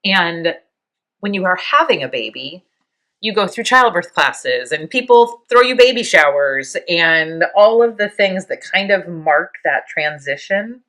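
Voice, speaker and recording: Woman in her 50s, podcast host, bright but lowish voice, soft and halting, kinda teary with little laughs. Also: expressive. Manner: soft, halting, near tears, with small laughs. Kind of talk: reflective personal monologue.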